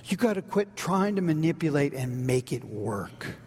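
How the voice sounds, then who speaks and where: A man preaching a sermon as a pastor, swinging from loud urgent lines to near-whispers. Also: on the high side, sing-song, normal speed, slight background noise. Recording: long reverb of a large hall.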